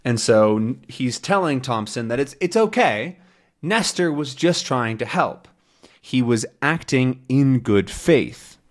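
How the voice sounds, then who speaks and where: A man's voice: mid-range voice, lively intonation. A man, an English teacher, patiently explaining a comic story to learners. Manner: slow, patient, clear explaining.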